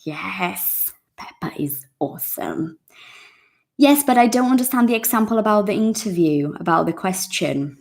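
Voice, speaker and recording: A woman's voice: mid-range voice, moderate pace, vocal fry, few pauses. A woman hosting a live English lesson, chatting with viewers and acting out little dialogues. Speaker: English teacher and live-stream host. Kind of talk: casual live-stream teaching, reading viewer comments.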